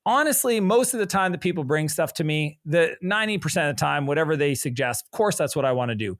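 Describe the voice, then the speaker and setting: A middle-aged man with a slightly raised speaking voice talks as a business coach, telling stories with energy. He slips into lively quotes of other people as he goes. The sound is close and dry, with no room around it. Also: on the high side, quick pace, no room sound. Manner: energetic storyteller, animated quoting of others. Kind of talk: conversational interview.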